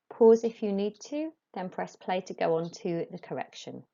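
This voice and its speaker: A woman teaching a recorded French lesson, dictating phrases slowly and explaining pronunciation in English. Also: lowish voice, vocal fry, mellow, muffled recording.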